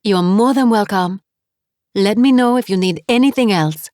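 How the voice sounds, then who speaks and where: A woman voicing a kindly, cheerful French guest house landlady with a French accent, fussing warmly over her guest. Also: mid-range voice, normal speed, no echo, studio quality, voice pushed up, close to an everyday voice. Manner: warm, fussing, motherly.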